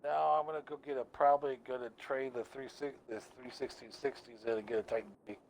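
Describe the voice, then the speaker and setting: A man's voice: mid-range voice, fairly even intonation, quick pace, slight background noise. A man streaming a game, chatting casually and telling stories with lots of swearing and laughter. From United States. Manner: profane, laughing storyteller. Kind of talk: casual chat while gaming.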